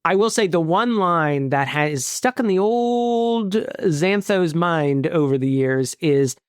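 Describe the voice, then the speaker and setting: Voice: mid-range voice, animated, slow, dry recording. Co-host for a film podcast: wry, self-mocking, rambly, dry close sound. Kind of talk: casual movie-review chat.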